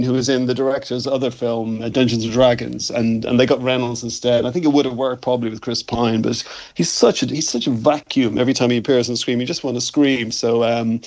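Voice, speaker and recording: A man's voice: mid-range voice, darkish tone. Rambling blunt male film critic. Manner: rambling, many restarts, blunt opinions. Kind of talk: conversational film review. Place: at a film festival.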